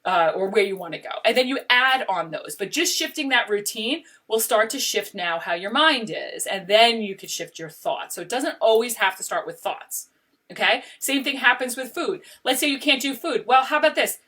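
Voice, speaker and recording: A woman's voice: a little high, animated, normal speed, a bit bright, recorded from a distance. A middle-aged woman life coach giving a casual motivational talk, emphatic and often checking in with "okay?".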